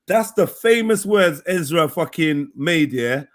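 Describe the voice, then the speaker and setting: A man chatting on a live stream panel, animated and slangy, telling stories with energy. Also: fairly high pitch, measured pace. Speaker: panel guest. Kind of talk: casual chat on a live stream.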